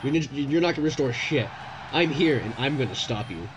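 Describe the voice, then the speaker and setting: Excitable swearing young man gaming. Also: medium pitch, a little fast, noisy background. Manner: excitable, swears at the game, yelling bursts. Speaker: gaming YouTuber. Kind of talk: let's play commentary. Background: game music.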